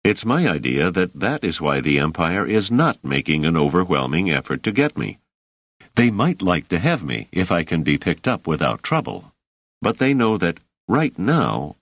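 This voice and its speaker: Man reading a patient, precise scholar, careful explaining, very deep, lively pitch. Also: no echo, exaggerated voice.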